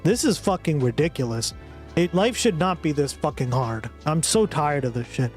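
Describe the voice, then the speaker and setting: A streamer with a mid-pitched voice chats casually with viewers, teasing and swearing freely. Light music plays faintly behind the talk. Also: lively intonation, moderate pace. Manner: chatty, swearing, playful teasing. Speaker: streamer reacting to videos. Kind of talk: casual live-stream chat.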